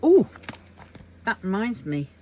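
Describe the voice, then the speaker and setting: A woman's voice: mid-range voice, very animated, takes it slowly, a little mellow, muffled recording, a little hiss or hum. A woman vlogger chatting casually to camera at home, rambling and thinking aloud with plenty of fillers. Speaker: crafting vlogger.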